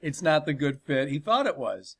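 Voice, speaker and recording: A man's voice: fairly high pitch, sing-song, moderate pace, vocal fry, breathy edge. A man hosting a comedy podcast, telling a crude story with plenty of swearing and laughter.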